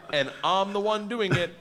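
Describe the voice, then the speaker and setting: A man doing stand-up storytelling, loud and animated, acting out the voices in his story. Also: sits high, long reverb tail, heavy background noise. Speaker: stand-up comedian.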